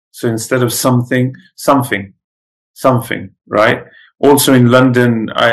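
A man with a slightly low voice gives a relaxed classroom lecture. His first language is Pashto, and he talks in a loose, conversational way, often pausing on fillers and restarting sentences. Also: poor audio. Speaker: teacher. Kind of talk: lecture to students.

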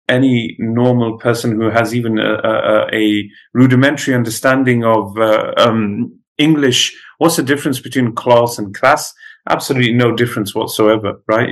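A man's voice: lowish voice, poor audio. A man whose first language is Pashto, lecturing students in a conversational way with many fillers and restarts. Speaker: teacher.

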